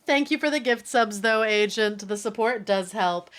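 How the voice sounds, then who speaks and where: High-voiced, playful woman streamer. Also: steady tone, unhurried, a bit bright. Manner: playful, crude and swearing, talking to chat. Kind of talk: casual livestream chat.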